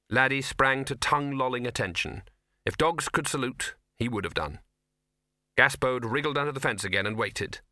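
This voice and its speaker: A man reading a story aloud in an audiobook with wry, measured storytelling. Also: medium pitch, lively intonation, sharp tone, no room sound, studio quality. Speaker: audiobook narrator. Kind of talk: scripted narration.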